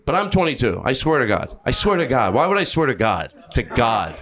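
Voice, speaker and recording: A man doing improvised stand-up in a comedy club, yelling and then mumbling his asides. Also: fairly high pitch, a little fast, few pauses. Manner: loud, excitable, swings between yelling and mumbling asides. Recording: live club with crowd laughter. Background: audience laughter.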